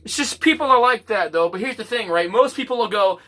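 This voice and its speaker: A man telling a rough story in casual chat, repeating his words and swearing freely. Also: high voice, very animated, very fast, hardly any pauses, bright, forceful tone. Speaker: guest.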